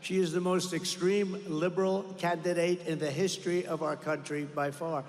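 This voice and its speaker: A man's voice: a little high, flat delivery, moderate pace. An older man giving a campaign rally speech in a large arena, boastful and repetitive, drifting into rambling asides. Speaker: political rally speaker. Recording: echoey arena with long reverb.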